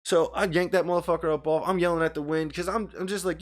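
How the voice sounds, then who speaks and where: A man's voice: on the high side, fairly even intonation, fast talker. A man co-hosting a podcast, telling a story in a heated, profane rant and talking with his hands in a studio. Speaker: podcast co-host. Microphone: studio microphone.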